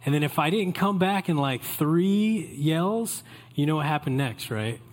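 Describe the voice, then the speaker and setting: A man preaching a Christmas Eve sermon as pastor, in a relaxed, conversational way that invites the congregation in. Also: a little high, measured pace.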